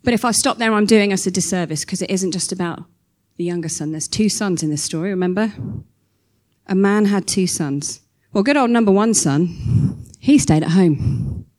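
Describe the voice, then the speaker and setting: A woman preaching a sermon, telling a story with lively acted-out quotes. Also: mid-range voice, moderate pace. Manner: animated storytelling, acting out quoted voices.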